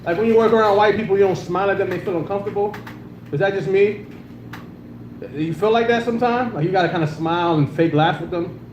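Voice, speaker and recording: A man with a high voice and a quick delivery does a casual, crude stand-up set on a club stage, handheld mic in hand. He's laid-back and uses lots of filler words in front of a live audience, and the recording has a roomy club sound with faint background noise.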